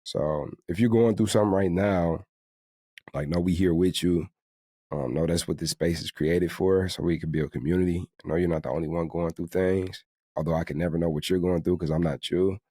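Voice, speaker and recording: A man's voice: low-pitched, warm tone, no room sound, clean studio sound. A man co-hosting a podcast, talking in a reflective, casual way with many fillers. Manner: reflective, full of fillers like "you know". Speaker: podcast co-host.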